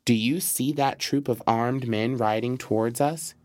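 A man's voice: mid-range voice, fairly even intonation, unhurried, darkish tone, no room sound, lightly acted. A man voicing a sly, clever male fox who schemes with urgent, persuasive words. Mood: urgent scheming.

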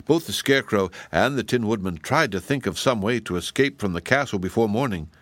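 A man narrates a storybook in a steady, measured way. His voice sits on the low side. The recording is dry and close, with no room sound. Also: no room sound. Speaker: audiobook narrator. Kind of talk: scripted narration.

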